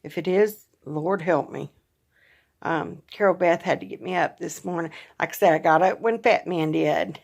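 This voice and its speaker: A middle-aged woman with a drawl talks in a personal vlog. Her voice sits a little low and sounds tired and pained. She speaks softly and haltingly, with sighs and pauses. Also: creaky. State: tired and in pain. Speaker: vlogger.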